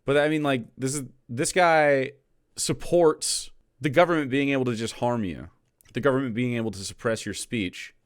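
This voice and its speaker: A man's voice: mid-range voice, normal speed, clear, resonant tone, dry recording, studio quality. A man commenting scornfully on a clip, profane and mocking. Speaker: political streamer. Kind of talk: reaction commentary.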